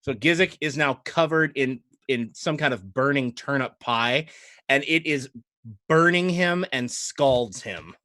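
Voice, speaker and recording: A man's voice: mid-range voice, unhurried, no echo, clean studio sound. Laid-back man running a tabletop game. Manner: relaxed, rambling narration with many fillers. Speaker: game master.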